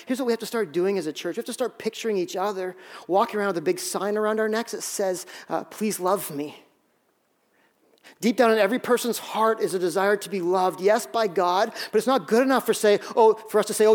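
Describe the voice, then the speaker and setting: A man preaching as pastor in a conversational sermon, telling self-deprecating stories with frequent restarts. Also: high voice.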